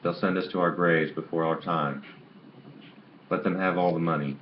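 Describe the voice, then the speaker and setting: A man's voice: low voice, steady tone, normal speed, lightly acted. A man reading the lines of a gloomy, short-tempered old grandfather in a story, over a dull lo-fi recording with faint hiss. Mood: gruff. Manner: snapping, gloomy and noisy. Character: gruff angry old grandfather.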